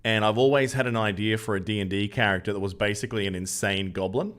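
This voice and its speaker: A man's voice: fairly low pitch, fast talker, fairly bright tone. Australian man chatting on stream. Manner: jokey, loose banter, reads out chat and answers. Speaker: game streamer. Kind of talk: casual live-stream chat with viewers.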